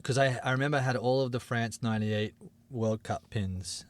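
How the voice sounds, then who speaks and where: A man's voice: medium pitch, steady tone, moderate pace, dry recording. Man rambling through a casual story. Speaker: podcast co-host. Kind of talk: casual chat.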